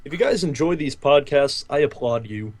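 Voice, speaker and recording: A young man adds dry, sarcastic quips to a casual podcast. His voice sits at a mid pitch. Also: animated, moderate pace. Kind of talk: casual group chat.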